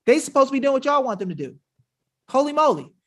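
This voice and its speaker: Fiery, animated man hosting a webinar. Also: extremely high pitch, fast. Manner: emphatic, combative, slangy. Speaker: webinar host. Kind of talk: fiery casual livestream talk.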